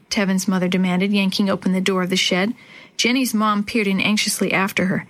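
A woman narrating a children's storybook in a measured, expressive reading. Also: medium pitch.

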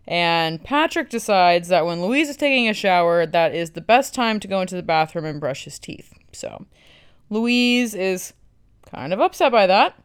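A woman's voice: on the low side, animated, normal speed, clear, resonant tone. A woman podcast host recapping a film in a blunt, sarcastic way, swearing freely.

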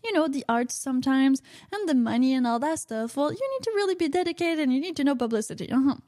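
A high-pitched woman hosts her own radio show from a close microphone in a dry, dead room. She rambles casually, filling her pauses with frequent "uh-huh" and "mm-hmm". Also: expressive, warm tone, no echo. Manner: chatty, rambling, many "uh-huh" and "mm-hmm" fillers. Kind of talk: casual solo radio talk.

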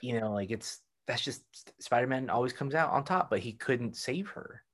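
A man's voice: mid-range voice, animated, moderate pace, fairly bright tone. A man in casual chat who rambles, trails off and searches for words.

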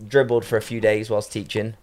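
Young male podcast host, lowish voice, chatty and jokey storyteller. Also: flat delivery, a little fast. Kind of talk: casual podcast chat.

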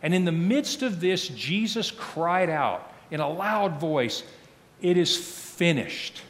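Male pastor delivering a solemn sermon, slow and expressive, with long church reverb. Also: fairly high pitch. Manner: slow, solemn reading with falling, hushed phrase ends. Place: church sanctuary.

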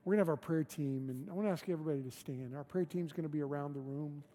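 A man's voice: fairly high pitch, rapid-fire, dark tone, soft background music. A man preaching a sermon as pastor in a church, conversational and emphatic, with repeated phrases. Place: church sanctuary.

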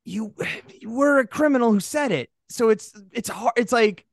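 Animated, profane podcast co-host man. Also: very high voice, normal speed, vocal fry, dry recording, studio quality. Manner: animated, profane, riffs with mock voices. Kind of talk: casual comedic chat.

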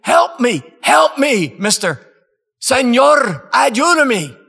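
A preacher voicing a desperate male prisoner who yells and pleads for help, heard in a long hall reverb. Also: extremely high pitch, very animated, slow pace, vocal fry, breathy edge, voice pushed up, heavily acted. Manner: yelling, pleading.

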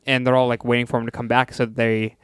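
A man co-hosting a casual podcast about movies, talking in a laid-back, halting way with frequent ums and laughs. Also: mid-range voice, flat delivery, a bit bright, clear, resonant tone, no echo, studio quality. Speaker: podcast co-host.

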